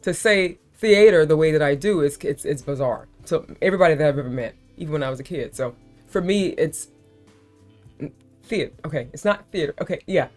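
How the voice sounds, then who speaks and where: A woman's voice: low voice, fast, darkish tone, faint music behind. A woman from South Florida with a neutral American accent, hosting a casual live-stream chat, talkative and often laughing. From South Florida, USA. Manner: chatty, laughing, calls people baby. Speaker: livestream host.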